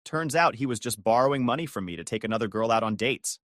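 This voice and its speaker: A man's voice: medium pitch, lively intonation, fast talker, fairly bright tone, dry recording, clean studio sound, close to an everyday voice. A man doing a sugary, fake-sympathetic woman. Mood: mock-sweet. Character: sweet-talking young woman, fake sympathy.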